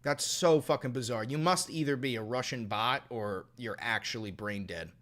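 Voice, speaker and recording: A man doing casual livestream reaction commentary, with a bright, forceful voice. He talks to viewers with open disbelief, swears freely and jumps from low muttering to shouts. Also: normal speed. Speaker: political commentator reacting to clips and chat.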